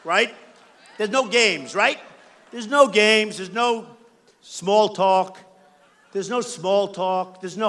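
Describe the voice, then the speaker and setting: A man's voice: high-pitched, slow pace, long pauses, fairly bright tone, slight background noise. An American man giving an emphatic, repetitive campaign rally speech as a political candidate on a stage microphone in a large indoor venue.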